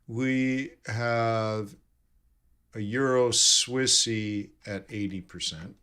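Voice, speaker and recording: A forex trading streamer gives live commentary, thinking aloud and correcting himself as he reads numbers off charts. His medium-pitched voice is steady, very slow, sharp, clear, and resonant.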